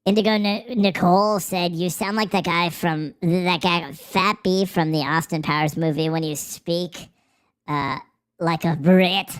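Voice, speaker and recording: A man hosting a livestream through a pitch-shifting voice changer, chatting casually while reading viewer comments, sarcastic and profane with frequent laughs. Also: steady tone, a little slow, smooth. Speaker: livestream host. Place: office.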